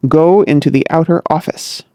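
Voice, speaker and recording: A man's voice: fairly high pitch, moderate pace, warm tone, no echo, clean studio sound, close to an everyday voice. A narrator voicing a testy, self-willed middle-aged father who blusters at his daughter and her suitor in a comic audiobook. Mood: testy, blustering.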